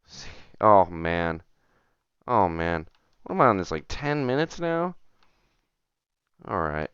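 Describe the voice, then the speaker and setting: A man's voice: sits low, very animated, slow pace, pauses often, a bit bright, smooth, no room sound, dull audio. A man streaming a retro game, talking to himself and his viewers as he plays, getting frustrated and muttering. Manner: chatty, self-talking, gets frustrated and mutters. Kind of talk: casual gameplay commentary.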